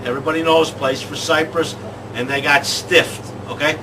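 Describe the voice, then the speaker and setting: A man hosting a comic sports show, talking in excitable rants. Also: a little high, normal speed. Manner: excitable, ranting. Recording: distant mic with clear background noise.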